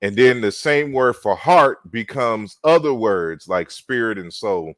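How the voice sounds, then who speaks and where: A man giving an online linguistics lecture, deliberate, spelling out words with frequent fillers and restarts. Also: on the low side, expressive, a bit bright, no room sound.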